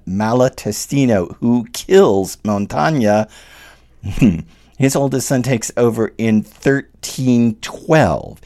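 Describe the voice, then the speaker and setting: A man giving an animated lecture that walks through a poem line by line and tells the history behind it. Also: medium pitch. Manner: lively, animated storytelling with rising emphasis. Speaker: literature lecturer.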